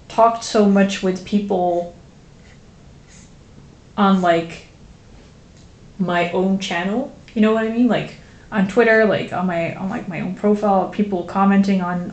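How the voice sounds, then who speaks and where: A woman with a Dutch accent streams herself drawing a graphic novel, chatting casually and rambling with many fillers to her viewers. Her voice is lowish, gravelly, and darkish, and the recording has a roomy echo with faint noise.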